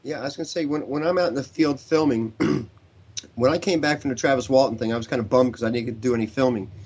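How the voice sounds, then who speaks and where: A man's voice: medium pitch, fast, darkish tone, slightly rough, low-quality recording. A man being interviewed on a radio show who tells long, rambling stories about his field research. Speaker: paranormal researcher guest.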